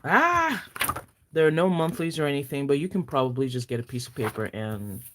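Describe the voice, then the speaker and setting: A woman with a Nigerian accent chatting casually on a live stream, excitable, gasping and teasing her viewers playfully. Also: extremely low pitch, fast talker, noisy background. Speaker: planner vlogger.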